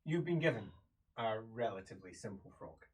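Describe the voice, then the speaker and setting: A woman's voice: very deep voice, sing-song, fairly quick, a little mellow. A woman, narrating a tabletop game as game master, often laughing.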